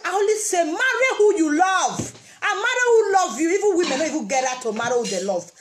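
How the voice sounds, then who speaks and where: A woman's voice: very high voice, animated, fairly quick, slight background noise. A woman with a Nigerian Pidgin English accent giving a casual motivational talk, repeating her phrases for emphasis. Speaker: vlogger.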